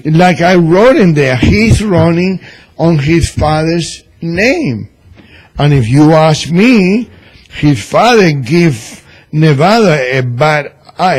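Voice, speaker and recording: Man, cuban spanish accent, husky voice, slightly high, slow, opinionated radio talk. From Cuba. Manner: opinionated, animated, broken grammar. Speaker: columnist and radio guest.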